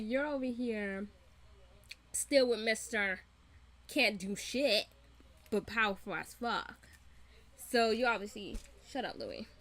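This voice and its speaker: A woman's voice: mid-range voice, fairly bright tone. A woman host giving a casual, profane, laughing recap of a TV episode. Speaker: reaction channel host.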